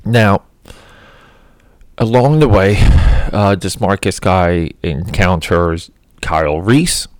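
A man's voice: sits low, slow, dry recording, clean studio sound. A man giving casual, rambling, opinionated movie commentary, full of "you know" and "like". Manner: rambling, filler-heavy, opinionated. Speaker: film commentator.

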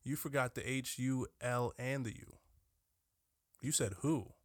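A man's voice: medium pitch, a little slow, no room sound, studio quality. Joking, cussing man on a podcast. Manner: joking, profane, acts out bits. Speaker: podcast co-host. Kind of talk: casual chat.

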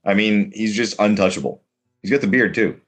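Male podcast co-host, deep voice, knowledgeable, lively. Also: brisk, breathy edge, faint music behind. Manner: knowledgeable, animated, detail-heavy. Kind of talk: casual chat.

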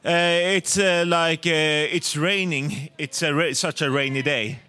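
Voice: mid-range voice, fairly even intonation, a little slow, bright, forceful tone. A volunteer contestant from the crowd, hesitant and apologetic, searching for words. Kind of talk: casual chat.

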